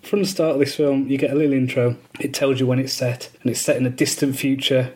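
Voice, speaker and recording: A man's voice: medium pitch, level tone, fast, a little mellow. A man co-hosting a podcast, chatting casually about films he has just watched and often laughing. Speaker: podcast co-host. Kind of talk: casual film review chat.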